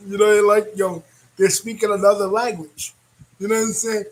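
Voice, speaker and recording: A man hosting a reaction video, talking in a rambling, animated way and laughing often. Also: sits high, normal speed, rough recording. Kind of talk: casual reaction commentary.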